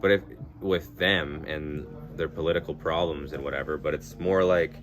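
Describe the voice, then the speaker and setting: A man's voice: a bass voice, steady tone, normal speed. A man live-streaming, chatting casually with viewers in a rambling, laid-back way, swearing freely and laughing through his stories. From Canada. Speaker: livestreamer.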